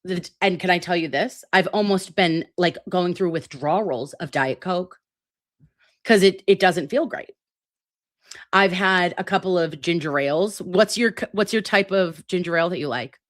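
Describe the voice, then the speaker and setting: A woman's voice: lowish voice, moderate pace. Brassy, profane woman livestreaming while sick. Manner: brassy, profane, dramatic and chatty. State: sick with sinus and ear infection. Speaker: livestream host. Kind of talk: casual livestream chat.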